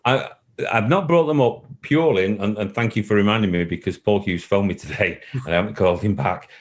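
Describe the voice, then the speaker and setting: A man's voice: fairly low pitch, fairly quick. A man who runs a football club, answering interview questions in an earnest, repetitive way. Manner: earnest, repeats himself, emotional at times. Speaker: football club chief executive. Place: call recording.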